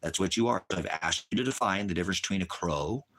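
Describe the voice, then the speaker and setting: A man's voice: low-pitched, fast, a bit bright, a little hiss or hum. A man hosting a livestream, ranting at a viewer in the chat, insulting and repeating himself, stumbling when angry. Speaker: livestream host teaching homesteading.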